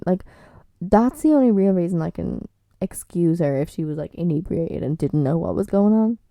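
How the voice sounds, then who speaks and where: Reviewing a TV series alone on her podcast, a woman talks fairly quickly in a low-pitched, gravelly yet mellow voice, with no echo. She's blunt and casual, swearing freely and peppering her speech with "like" and "um."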